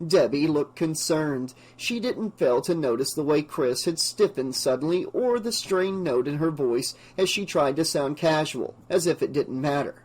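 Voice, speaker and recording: A male audiobook narrator reading in a steady, measured way. His voice sits a bit high for a man and carries the prose evenly from line to line. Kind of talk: scripted narration.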